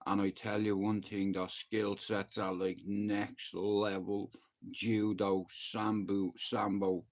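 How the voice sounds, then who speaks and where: A man's voice: on the low side, a little mellow. An Irish man telling a story casually on a live stream, rambling and blunt, swearing freely. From Ireland. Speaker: livestreamer.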